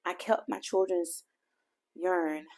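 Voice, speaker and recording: A woman's voice: on the low side, steady tone, takes it slowly, darkish tone. Earnest woman sharing a faith testimony. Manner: earnest, heartfelt storytelling; addresses listeners directly. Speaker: podcast host.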